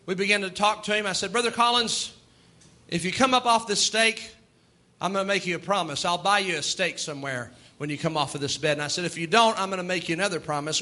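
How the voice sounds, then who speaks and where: A man's voice: high voice, pushed and bright. A middle-aged man, preaching a sermon in an emphatic, rising and falling cadence.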